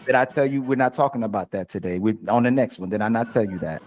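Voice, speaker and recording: A man's voice: lowish voice, fast talker, a little mellow. A man hosting a heated panel discussion, explaining himself in a hedging way.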